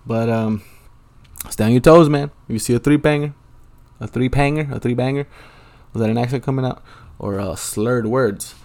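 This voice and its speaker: A man's voice: medium pitch, moderate pace, a little mellow. A young man hosting a solo podcast, rambling casually and swearing a lot in a laid-back way. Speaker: podcast host. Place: Los Angeles, at home.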